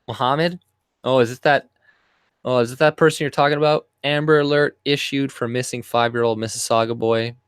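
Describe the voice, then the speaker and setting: A man's voice: medium pitch, clean tone, no room sound. A man from Canada giving a rambling, profane and scornful commentary while scrolling through posts. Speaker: commentary vlogger. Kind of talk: ranting screen-share commentary.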